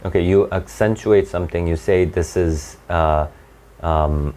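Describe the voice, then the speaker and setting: A low-voiced young man runs a test-prep class. He talks in a halting, chatty way and keeps restarting his sentences as he works through each question. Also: steady tone, darkish tone. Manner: halting and conversational, with many restarts and fillers. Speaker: SAT tutor. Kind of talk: live classroom lesson.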